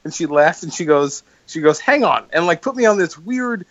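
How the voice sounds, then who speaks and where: A man's voice: on the high side, expressive, normal speed, no echo, dull audio. A man co-hosting a podcast, chatting casually and telling stories while laughing often. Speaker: podcast co-host. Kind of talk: casual chat.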